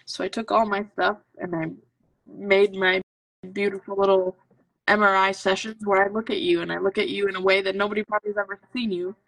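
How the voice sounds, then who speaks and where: A woman's voice: mid-range voice, level tone, brisk, fairly bright tone, dry recording. A woman guest telling her personal story in an earnest, intense way, often voicing her own thoughts. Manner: earnest, intense, full of self-talk. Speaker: podcast guest, medical intuitive. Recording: voice from a distance to the mic.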